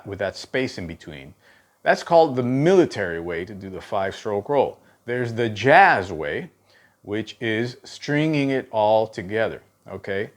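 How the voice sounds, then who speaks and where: A man's voice: lowish voice, expressive, measured pace. A man giving a drum lesson, counting beats aloud and often checking in with "okay". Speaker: drum instructor. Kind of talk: teaching drum technique.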